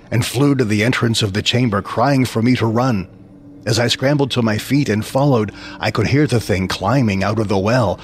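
A man's voice: on the low side, a little hiss or hum. A man narrating a scripted horror story in the first person, with dramatic storytelling.

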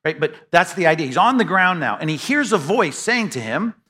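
Bright, conversational male pastor. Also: on the high side, very animated, fairly quick, husky. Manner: conversational, many restarts and asides. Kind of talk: expository sermon.

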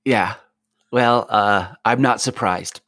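A man's voice: fairly low pitch, slow pace, a bit bright, dry recording, clean studio sound. A man in casual chat who talks animatedly and laughs often.

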